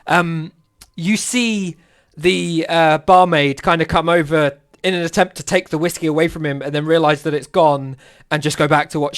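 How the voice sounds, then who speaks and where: Laughing game master. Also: male voice, fairly high pitch. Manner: laughs often, drops into character voices. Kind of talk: narrating a tabletop game.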